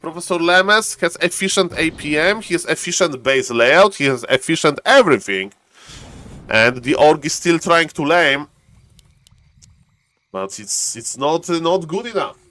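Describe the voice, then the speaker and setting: Man, esports caster, slightly high, playful live commentary. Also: animated, a little slow, sharp tone, no room sound. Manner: playful, acts out players' thoughts in banter.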